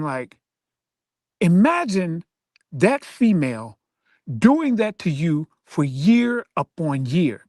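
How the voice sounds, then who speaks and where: A man hosting his channel, giving an emphatic, preachy commentary monologue with drawn-out repetition. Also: on the high side, no room sound, clean studio sound. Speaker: channel host.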